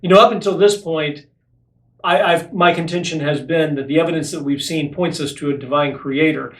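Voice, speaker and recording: Male podcast host, high-pitched, earnest explainer, echoey room. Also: steady tone, normal speed. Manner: earnest, explanatory, repeats key phrases for stress. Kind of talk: apologetics podcast teaching.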